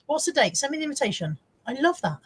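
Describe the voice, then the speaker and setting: A middle-aged woman hosts a casual live stream, reading viewer comments, chatting, laughing often, and swearing freely. Her voice sits high and moves quickly with big swings in pitch.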